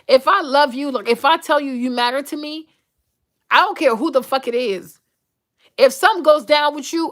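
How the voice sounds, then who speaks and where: A fairly high-voiced young woman speaks straight to her audience in an uncensored rant. She is blunt, profane and animated, cussing her way through the point she is making. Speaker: host. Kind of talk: uncensored casual rant to viewers.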